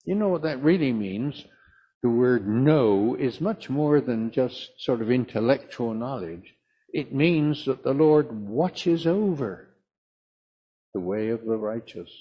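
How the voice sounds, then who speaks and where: An older man preaches slowly and emphatically, his husky voice rising and falling with animated pitch. The recording is dull and lo-fi, like an old sermon tape. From south of England. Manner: slow, emphatic, storytelling preaching.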